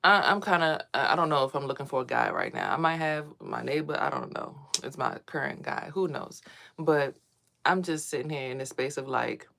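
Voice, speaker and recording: A woman vlogger telling personal stories casually, lively and swearing freely as she acts out what others said. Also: deep voice, normal speed, gravelly.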